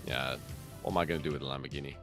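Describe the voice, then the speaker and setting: A man's voice: a bass voice, rapid-fire, soft background music. A man streaming a co-op game, bantering dryly and breaking into laughter. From New Zealand. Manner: dry, deadpan, laughs a lot when joking. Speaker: co-op gaming streamer. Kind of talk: casual banter over gameplay.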